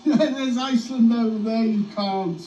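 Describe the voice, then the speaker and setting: Bloke with a high voice having a laugh and swearing outside, sounds far off from the camera, bit echoey. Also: male voice, a little hiss or hum. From United Kingdom. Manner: joking, swearing, laughs often. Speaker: metal detecting vlogger. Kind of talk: casual banter to camera. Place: outdoors on a hill.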